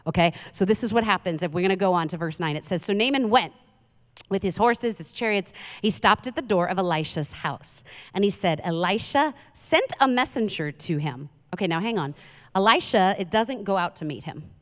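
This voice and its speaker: A woman's voice: mid-range voice, normal speed. Woman preaching in a reverberant hall. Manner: conversational, animated storytelling with asides. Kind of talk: sermon. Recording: long reverb of a large hall.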